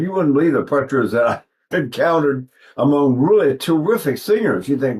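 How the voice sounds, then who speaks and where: Older male voice teacher, rambling and informal, tenor-ish speaking pitch. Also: lively intonation, brisk, a little mellow. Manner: rambling, with sung demonstrations. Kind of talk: vocal technique lesson.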